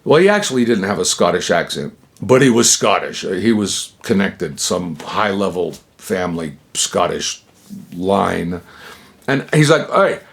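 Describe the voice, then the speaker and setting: A man hosting his own channel tells a personal story in a low, creaky, expressive voice at a measured pace. He rambles casually, acting out quoted dialogue, with frequent fillers and self-interruptions.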